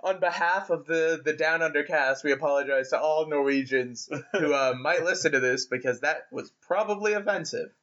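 A man's voice: a little high, moderate pace, few pauses, fairly bright tone. A young American man with an American accent, co-hosting a casual podcast chat in a playful, teasing way. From United States. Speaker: podcast co-host. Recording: dull lo-fi sound.

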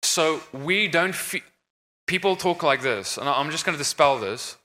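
Bright, emphatic man preaching in a hall. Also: on the high side, expressive, moderate pace. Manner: earnest, emphatic preaching tone with frequent restarts. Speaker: conference speaker on deliverance ministry. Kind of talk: stage discussion. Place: conference stage in a large hall. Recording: reverberant hall.

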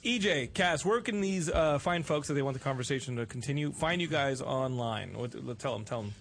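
A man hosting a podcast in casual, joking chat, talking in an animated way with plenty of fillers. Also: mid-range voice, brisk, creaky. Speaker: podcast host.

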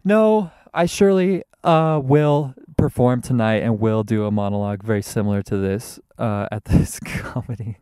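A man hosting a podcast from inside his car, rambling and wordy in a casual monologue, mocking himself and now and then leaping into a theatrical high voice. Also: steady tone, normal speed, hardly any pauses, warm tone, clear, resonant tone, no echo. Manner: rambling, wordy and self-mocking, with sudden theatrical jumps in pitch. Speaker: podcast host. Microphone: podcast microphone.

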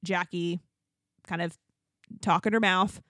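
A woman's voice: lowish voice, slow, no echo, studio quality. A woman co-hosting a podcast, chatting casually about reality TV, laughing often and acting out what people said. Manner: chatty, quotes people in animated put-on voices, laughs often. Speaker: podcast co-host. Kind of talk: casual chat recapping reality TV.

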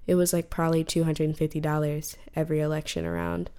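A woman's voice: low voice, flat delivery, quick pace, warm tone, clean tone. A young woman hosting a podcast, ranting casually in a frustrated tone, with lots of swearing and filler words. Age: young adult. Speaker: podcast host.

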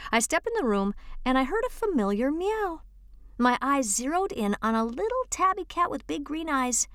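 A woman with a fairly high voice reads a true-life story aloud at a steady pace. She lifts her pitch for quoted speech and drops it for the tags after. The recording is close and dry, with no room sound. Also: normal speed, no echo. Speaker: volunteer reader. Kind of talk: read-aloud story narration.

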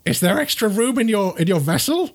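A man's voice: high voice, fairly quick, pitched above the performer's own voice, heavily acted. A man voicing a small, solemn male monk creature who guards an eye, speaking in a stern, formal way. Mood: calm formal. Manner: stern, formal, then calmly accepting.

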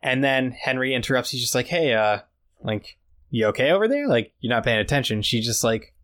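Man, podcast co-host, casual recap, mid pitch, filler-heavy storytelling. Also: expressive, fairly quick, fairly bright tone. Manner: retells scenes with quoted dialogue, many fillers.

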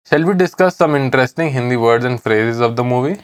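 A man co-presenting a scripted language lesson at a medium pitch. He reads each phrase carefully, then says it again slowly, word by word. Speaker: language teacher co-host.

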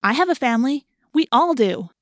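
A woman voicing a bold, fiery teenage girl who speaks forcefully and indignantly. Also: on the high side, a little fast, no echo, studio quality, pitched above the performer's own voice, lightly acted.

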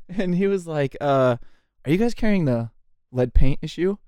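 A man's voice: a little high, moderate pace, clean tone, dry recording. Male podcast co-host, casual storyteller, light voice, dry close mic. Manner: animated, laughing storyteller, says "dude" a lot.

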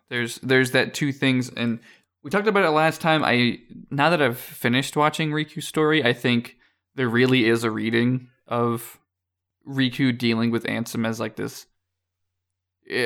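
A young man chatting loosely on a podcast, his voice sitting at an ordinary middle pitch. He rambles, trails off, restarts his sentences and laughs often as he talks. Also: clear, resonant tone. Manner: rambling, relaxed, laughs often, many fillers. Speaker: podcast co-host. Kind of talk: casual podcast chat.

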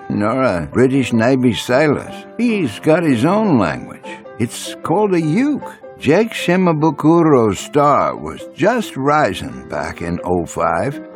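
A man introducing his podcast in a folksy, playful manner. His pitch roams widely and he takes his time. Soft music runs quietly behind him. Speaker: podcast host. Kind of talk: scripted show introduction.

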